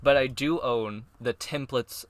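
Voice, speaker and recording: A man's voice: mid-range voice, measured pace. A man co-hosting a podcast in casual chat, rambling with lots of fillers and frequent laughs. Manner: chatty, rambling with many "like" fillers, laughs often. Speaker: podcast co-host.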